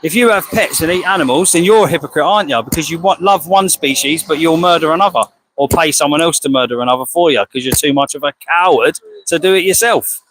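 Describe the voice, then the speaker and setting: Talking fast with hardly any pauses, an English man speaks as an animal rights activist outside a slaughterhouse in a heated, confrontational monologue. He's combative and rhetorical, firing questions and calling people "mate." His voice is fairly high and a bit bright, and the low-quality recording carries slight background noise.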